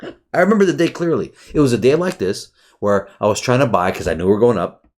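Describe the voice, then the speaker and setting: A man talking casually and excitedly through a trading chart review, swearing often and firing off rhetorical questions. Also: mid-range voice, quick pace. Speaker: trading educator.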